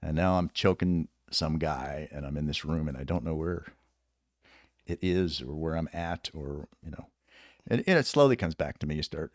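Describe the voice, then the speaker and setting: Low gravelly-sounding dude on a podcast telling army stories, swears a lot, dead dry mic. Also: male voice, moderate pace, no room sound. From United States. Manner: profane, rambling, laughs often. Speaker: retired special operations soldier, podcast guest. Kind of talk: casual storytelling.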